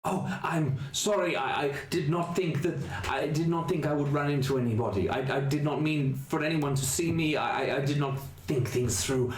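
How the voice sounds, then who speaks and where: A man voicing a timid, apologetic ghoul-like man, stammering and halting. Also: a little high, echoey room, pitched above the performer's own voice, natural voice.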